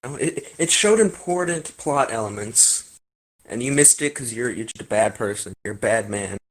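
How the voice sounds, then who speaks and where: A man's voice: medium pitch, lively intonation, moderate pace. A young man co-hosting a casual podcast, with a sarcastic, teasing way of talking. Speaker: podcast co-host. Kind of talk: casual chat.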